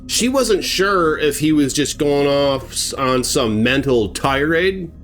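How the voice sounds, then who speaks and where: Slow, lively rambling male storyteller. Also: a little high, faint music behind. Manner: rambling, with fillers and restarts, chuckling asides. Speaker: horror storyteller. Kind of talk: casual spoken horror storytelling.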